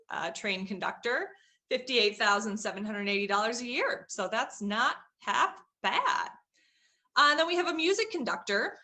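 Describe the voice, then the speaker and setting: A woman's voice: medium pitch, pushed and bright. A young woman giving a casual vocabulary lesson, chatty, with frequent fillers and hedges. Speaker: teacher.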